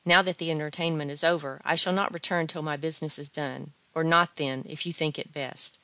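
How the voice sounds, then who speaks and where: An earnest young man who argues and pleads with fervor, as a woman reading a storybook puts him on. She keeps her voice low for a woman. The recording is dry and close. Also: steady tone, a little fast, bright, forceful tone, dry recording. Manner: fervent, pleading.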